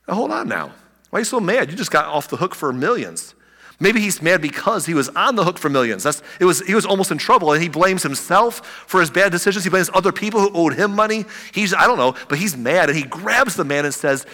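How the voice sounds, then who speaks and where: A man preaching a sermon, animated and conversational, acting out the scripture with asides. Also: on the high side, brisk. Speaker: pastor. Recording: echoey hall.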